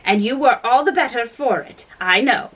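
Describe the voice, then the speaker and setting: A woman reading aloud and voicing a scatterbrained, fussy queen in a lowered, careless tone. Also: moderate pace, fairly bright tone, low-quality recording. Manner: careless tone, breaks into shrill screaming. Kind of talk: storybook reading.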